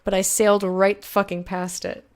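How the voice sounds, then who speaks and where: A young adult woman streaming a game, chatting excitedly with viewers, swearing, and slowly reading game text aloud. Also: mid-range voice, smooth. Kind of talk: blind let's-play commentary, chatting with viewers.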